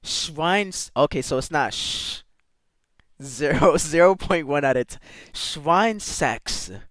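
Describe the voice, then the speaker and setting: A man's voice: on the high side, moderate pace, dry recording. A man streaming live, chatting casually with his viewers and playfully sounding out foreign words. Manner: talks to chat with slangy asides.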